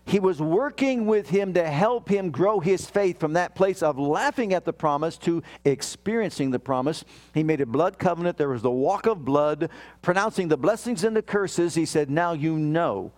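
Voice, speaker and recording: A man's voice: fairly high pitch, expressive, normal speed, darkish tone. A man preaching a sermon, reading scripture and dramatically voicing the prayers and complaints he quotes, often questioning his listeners. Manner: questions the congregation and reads scripture aloud.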